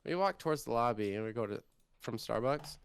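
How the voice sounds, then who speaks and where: A man's voice: mid-range voice, lively intonation, brisk, creaky, clear, resonant tone. A man of about twenty, co-hosting a casual podcast chat and telling a long, rambling story with lots of energy. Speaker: co-host.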